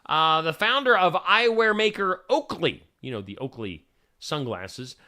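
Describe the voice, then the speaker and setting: A man runs through the day's headlines in a chatty news-roundup style and drops opinionated asides between stories. His voice sits a little high and swings up and down with animated energy. The tone is bright and forceful. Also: measured pace. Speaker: host.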